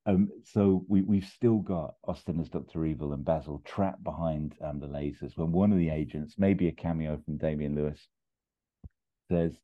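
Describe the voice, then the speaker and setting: Deep-voiced man on a tinny line. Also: normal speed. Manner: rambling storytelling with brief put-on voices and chuckles. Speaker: podcast host pitching a film plot. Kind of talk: casual comedic pitch.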